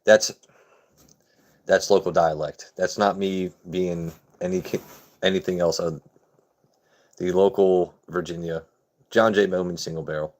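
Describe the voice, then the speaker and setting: A man's voice: low voice, fairly even intonation, measured pace, long pauses, darkish tone. Laid-back joking male livestream host. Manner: laid-back, joking, chats with viewers by name. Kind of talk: casual chat with live chat viewers.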